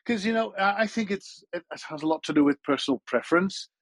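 Husky Dutch man, chatty storyteller. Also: high-pitched, animated, brisk, dry recording. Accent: Dutch-tinged English with British traces. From Netherlands. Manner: chatty, self-deprecating storyteller with stammered restarts. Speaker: panel guest, voice actor. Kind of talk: casual panel chat.

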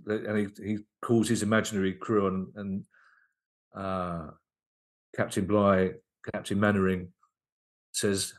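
A comedian and writer tells comedy anecdotes in a relaxed podcast conversation, lively and enthusiastic and frequently restarting his sentences. His voice sits fairly low, and he speaks at a measured pace.

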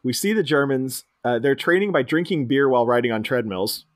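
A man co-hosting a casual movie chat, retelling scenes and jumping into squeaky impressions of the characters, often laughing. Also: expressive, fairly quick. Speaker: podcast co-host.

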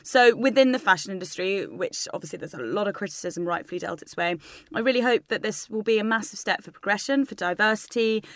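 A brisk woman trading teasing remarks as a podcast co-host. She talks quickly and swears freely, laughing between lines. The sound is close and dry, with no room around it. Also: medium pitch, no echo. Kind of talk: casual chat.

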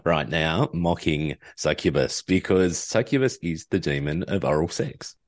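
A man guesting on a podcast as one of its co-hosts, chatting casually with dry, deadpan humor over a remote call. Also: a bass voice, measured pace, no room sound.

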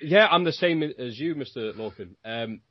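A man's voice: mid-range voice, expressive, normal speed, lo-fi sound. A man in his late twenties, a podcast guest who jokes in a self-deprecating way. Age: 20s. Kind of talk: casual podcast chat.

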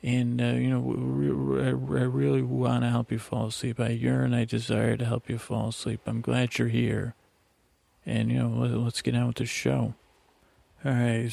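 A man's voice: mid-range voice, creaky, darkish tone, dry recording. A man hosting a bedtime podcast, rambling in meandering circles and interrupting himself to help listeners fall asleep. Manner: meandering, self-interrupting, drowsy. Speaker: podcast host. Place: lakeside vacation spot.

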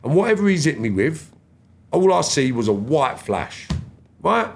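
A man's voice: on the high side, sing-song, unhurried, creaky, a little hiss or hum. A middle-aged man with a London accent, a podcast guest retelling events in blunt street slang with plenty of swearing. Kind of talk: casual storytelling.

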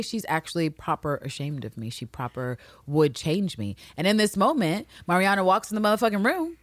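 A woman co-hosting a podcast, recapping a TV episode in a profane, animated way and acting out the characters as she goes. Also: very deep voice, dry recording. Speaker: podcast co-host. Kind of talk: casual recap chat.

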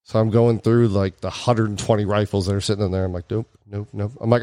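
A man's voice: a little fast, few pauses, smooth. A man and former army bomb technician casually telling stories, acting out the people he quotes. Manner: animated, acts out quoted voices with big pitch jumps. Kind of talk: casual storytelling chat.

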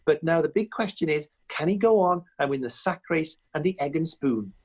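A man doing an impression of an excitable male sports commentator, calling the action with breathless enthusiasm. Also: a little high, normal speed, voice pushed up. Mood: excited.

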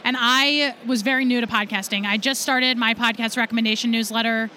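A woman's voice: a little high, fairly even intonation, fairly quick, bright, forceful tone, slight background noise. A woman guest on a podcast telling her story with enthusiasm. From USA. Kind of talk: podcast interview.

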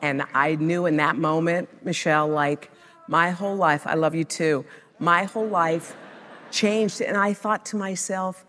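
A woman's voice: fairly low pitch, steady tone, unhurried, fairly bright tone, long reverb tail, a little hiss or hum. A woman guest sharing a personal story in conversation, emotional and building to hopeful emphasis.

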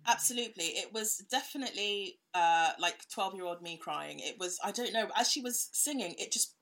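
A woman's voice: mid-range voice, normal speed, a bit bright. A young woman, a guest telling a personal story in a casual, chatty way with many fillers and laughs.

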